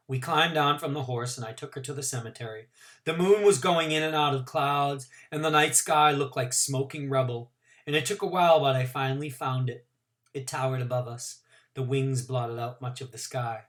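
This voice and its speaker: A male teacher reading a novel aloud to his class in an expressive first-person narration with varied pacing. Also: medium pitch, moderate pace.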